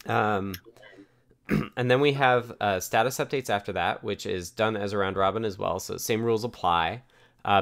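Deep-voiced man hosting a meeting. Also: clean tone. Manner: relaxed, many filler words. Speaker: meeting host. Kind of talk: casual meeting rundown.

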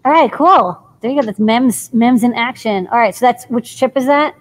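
A woman hosts a casual live show, her voice a little on the high side. She keeps her reactions short and upbeat and hands off quickly to the next guest. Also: slight background noise. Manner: upbeat, brief reactions, moves things along. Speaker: host.

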